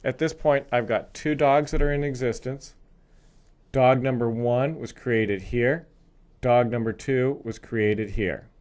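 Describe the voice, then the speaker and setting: A man's voice: medium pitch, measured pace, darkish tone. A male programming instructor explaining code step by step in a recorded screencast lesson.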